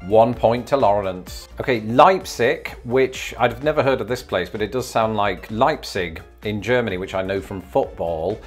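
A man's voice: lowish voice, normal speed, few pauses, soft background music. A man with an English accent hosting a casual vlog, playfully sounding out tricky words again and again as he guesses. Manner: playful, repeats words over and over sounding them out. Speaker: YouTube host.

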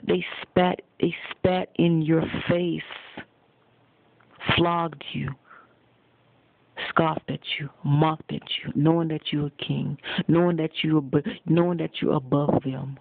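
A man preaching a sermon, addressing his listeners directly and accusingly at a deliberate pace. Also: on the high side, fairly even intonation, gravelly. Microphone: phone. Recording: tinny phone recording, dry.

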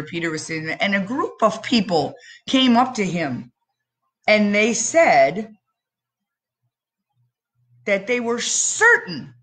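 A woman giving a children's message in church, telling the story expressively with dramatic pauses and questions to the kids. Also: mid-range voice, a bit bright.

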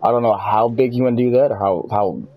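A man's voice: mid-range voice, quick pace, lo-fi sound, slight background noise. A man hosting a gaming video, chatting casually and rambling through self-corrections while he plays. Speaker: gaming channel host. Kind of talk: casual gameplay chat.

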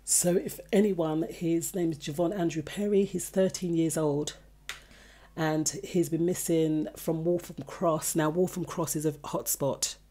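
A woman's voice: sits low, steady tone, measured pace, warm tone. A woman co-hosting a casual podcast chat, earnestly reading out a news item and urging listeners. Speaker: podcast co-host.

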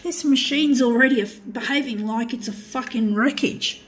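A woman with an Australian accent rants in a casual, profane monologue, full of sarcastic griping. Her voice sits a little high for a woman. A faint hum of noise runs underneath. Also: moderate pace, hardly any pauses, rough recording. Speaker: vlogger. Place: room with a running copier.

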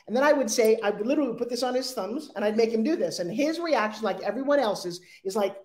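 A woman in her sixties talks with a guest's animated energy, slipping into little quoted voices as she tells her stories. Her voice sits somewhat high for a woman. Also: fast. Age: 60s. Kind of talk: energetic interview talk.

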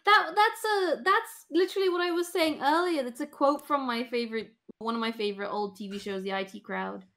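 A woman's voice: high voice, fairly quick, a bit bright. A young woman, a guest streamer, chatting casually and playfully, often trailing off mid-sentence. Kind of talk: casual talk show chat.

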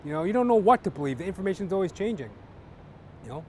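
Male stand-up comic, rambling delivery, lively pitch, faint hiss behind. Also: fast talker. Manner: rambling, full of "you know". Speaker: stand-up comedian. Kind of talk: stand-up joke telling.

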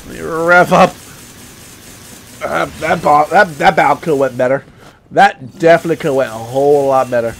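A young man commentating his gameplay, excitable and profane, blurting sound effects as he plays. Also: a little high, moderate pace, vocal fry, long pauses, a little hiss or hum. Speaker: gaming commentator. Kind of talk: let's play commentary.

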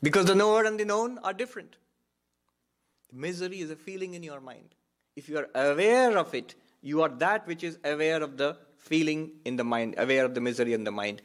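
A man voicing a calm, sharp male Swami who teaches in a measured, insistent way. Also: fairly high pitch, natural voice.

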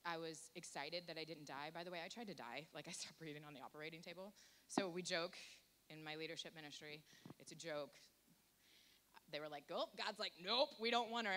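Fast-talking low-voiced woman sharing testimony. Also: fairly bright tone. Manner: candid, self-deprecating and joking. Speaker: church volunteer giving a testimony. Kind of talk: personal testimony to a congregation. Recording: faint hiss.

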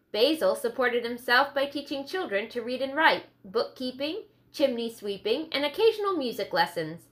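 A woman reads a historical novel aloud as an audiobook narrator. Her voice is bright and sits a little high, and she keeps a clear, steady storytelling pace.

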